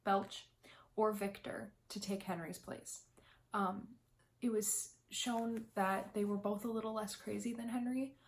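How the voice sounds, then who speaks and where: A woman's voice: medium pitch, steady tone, unhurried, gravelly, slight background noise. A young woman vlogging her fan predictions in casual chat, talking in a loose, emotional way with lots of ums and restarts. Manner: chatty, emotional, many ums, tearful laughs.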